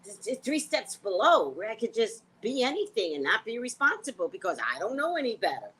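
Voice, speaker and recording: A woman's voice: fairly high pitch, a little fast, slightly rough. A woman psychic hosting her own vlog, rambling bluntly and casually. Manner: animated, blunt, sings and repeats phrases.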